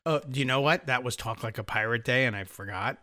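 A man's voice: medium pitch, fast, sharp tone, no room sound, clean studio sound. A man co-hosting a talk show, dropping short joking quips and agreements.

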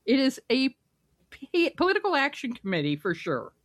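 A woman's voice: high voice, wildly swooping pitch, moderate pace, no echo, studio quality. A woman co-hosting a casual political podcast, wry and sarcastic, laughing often. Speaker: podcast co-host.

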